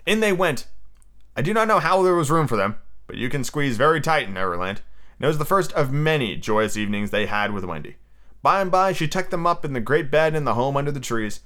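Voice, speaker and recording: A man's voice: medium pitch, lively intonation, fairly quick, pushed and bright. Irreverent man reading aloud. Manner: irreverent, profane asides. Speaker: podcast host reading a book aloud. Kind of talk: casual podcast reading and commentary.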